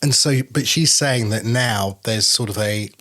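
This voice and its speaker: A man's voice: fairly low pitch, a little slow, fairly bright tone. A man co-hosting a podcast, explaining things in casual chat and repeating words as he restarts. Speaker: podcast co-host.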